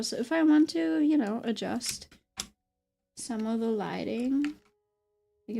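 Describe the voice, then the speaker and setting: Here the streaming artist speaks in a mid-range, creaky, slightly mellow voice. She chats and rambles while drawing, laughing frequently and using plenty of fillers.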